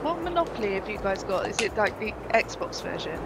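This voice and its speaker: A woman's voice: medium pitch, big pitch swings, brisk, gravelly, background noise. A woman chatting casually with friends during a game, teasing and giggling. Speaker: friend on voice chat. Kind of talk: casual chat.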